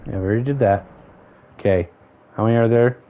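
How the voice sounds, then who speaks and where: This man's voice is on the low side, steady in tone and fast. Over dull lo-fi stream audio, he casually comments on the game he's streaming, thinking aloud and counting choices under his breath.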